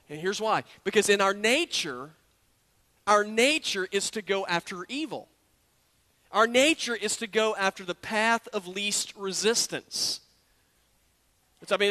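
A man's voice: high-pitched, bright, forceful tone. A man preaching a sermon in an earnest, conversational way, often repeating words as he builds a point. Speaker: pastor.

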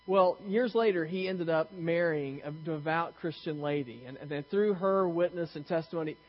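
A man's voice: on the high side, normal speed, lo-fi sound. Man preaching a casual, joking sermon. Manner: conversational, self-deprecating storytelling with frequent restarts. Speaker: pastor.

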